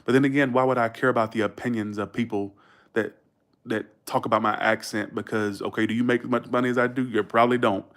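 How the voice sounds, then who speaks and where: A man from Georgia with a Southern accent, chatting bluntly and quickly to his livestream viewers, swearing freely. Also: medium pitch, steady tone, fairly bright tone. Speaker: livestream host. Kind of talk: casual livestream chat.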